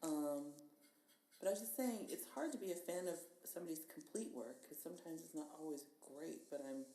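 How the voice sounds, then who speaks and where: Chatty low-voiced woman, echoey room. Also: brisk, mellow. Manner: chatty and enthusiastic, thinks aloud with fillers. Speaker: podcast guest. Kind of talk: casual chat. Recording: echoey room with faint hiss.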